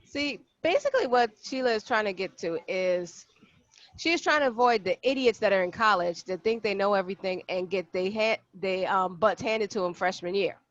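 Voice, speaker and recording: A woman's voice: medium pitch, moderate pace, no room sound. Woman with a dry, muffled sound on a podcast. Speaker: podcast co-host. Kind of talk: casual chat.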